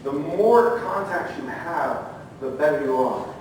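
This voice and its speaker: A middle-aged man giving a training talk at a conference, telling lively stories, acting out the quotes and asking the audience questions. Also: a little high, unhurried, a little hiss or hum. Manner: animated storyteller, acts out quotes, asks the audience questions. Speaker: conference speaker, former federal agent. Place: conference room. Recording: echoey room, heard from far off.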